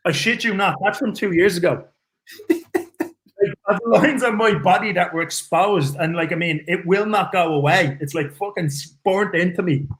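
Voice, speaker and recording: A man's voice: high voice, moderate pace, fairly bright tone. A man from Ireland with an Irish accent, a guest on a casual talk show, telling stories animatedly and swearing freely. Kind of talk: casual storytelling chat.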